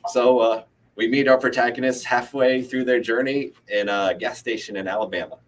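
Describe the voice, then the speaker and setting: A man's voice: mid-range voice, steady tone, normal speed, far from the mic, poor audio. A man reading his own story aloud on a live stream, casual and hesitant with fillers as he sets the scene. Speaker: bookstore reader. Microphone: live stream setup.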